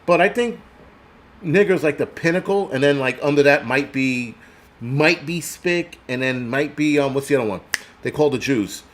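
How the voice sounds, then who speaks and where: A man's voice: fairly high pitch, normal speed, slight background noise. A middle-aged man hosting a channel in a casual, rambling, profane livestream rant, laughing often and answering chat comments. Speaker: prepper channel host.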